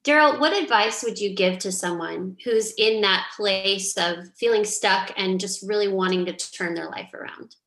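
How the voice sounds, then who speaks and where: A woman co-hosting a podcast with a mid-pitched voice, affirming the guest again and again. Her voice carries a clear roomy echo. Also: moderate pace, hardly any pauses. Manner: warm affirming, repeats "I love that". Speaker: podcast co-host. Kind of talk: casual interview chat.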